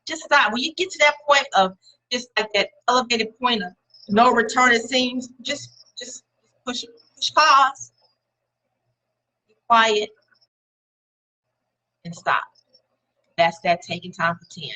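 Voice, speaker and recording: A woman's voice: fairly high pitch, animated, slow pace, pauses often, sharp tone, poor audio. A woman giving a casual motivational talk to her viewers, encouraging and conversational, leaning on repeated words for emphasis. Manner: speaks directly to viewers and names them.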